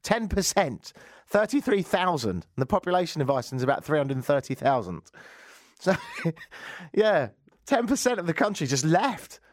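In a dry, studio-quality recording, an English radio host delivers casual commentary at normal speed, peppered with wry jokes and rambling asides. His voice is on the high side and very animated.

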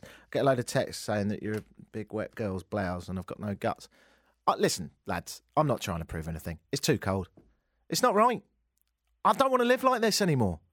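A man hosts a radio talk show, his pitch leaping around as he rants sarcastically. He drops to muttering asides, then bursts into loud exclamations. The studio sound is dry and close. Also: dry recording. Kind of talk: comic radio monologue.

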